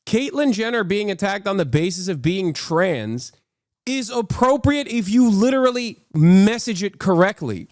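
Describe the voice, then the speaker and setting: A man's voice: high voice, lively intonation, moderate pace, no echo, clean studio sound. A man in his thirties hosting a stream, giving heated, sarcastic political commentary and reacting to chat. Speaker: streamer host.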